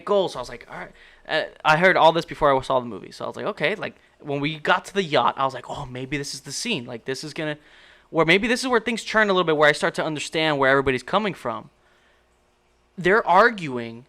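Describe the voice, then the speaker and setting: A man's voice: on the high side, pushed and bright. A man giving a casual, exasperated movie critique, rambling and incredulous with many restarts. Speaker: movie reviewer.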